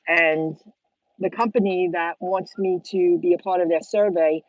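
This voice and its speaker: A woman's voice: lowish voice, steady tone, a little slow, no room sound, highs cut off. A woman host, chatting to camera in a rambling, chatty way with many restarts. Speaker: channel host. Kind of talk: casual chat to camera.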